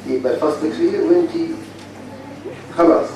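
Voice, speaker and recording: A slightly high-voiced man with an Egyptian Arabic accent teaches a university phonetics class in a big lecture hall, blunt and repetitive as he drills everyone. He moves at a moderate pace with lively intonation and long pauses. The distant mic captures a very echoey room and faint hiss.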